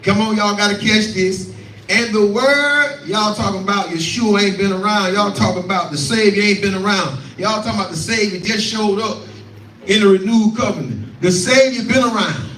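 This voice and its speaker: A high-voiced man preaches through scripture, repeating his lines and calling to his listeners. He sounds distant from the mic in a roomy, echoing space with faint room noise behind him. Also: moderate pace, a bit bright. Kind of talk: scripture teaching sermon. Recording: echoey room, voice from far off.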